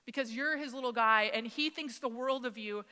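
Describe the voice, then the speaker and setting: A woman in her thirties preaching a storytelling sermon in a church, acting out the conversations in a chatty, animated way. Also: a little high, normal speed, clear, resonant tone. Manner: animated, acts out dialogue, conversational with many "like"s. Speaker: speaker at church service. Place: church sanctuary. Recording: long reverb of a church hall.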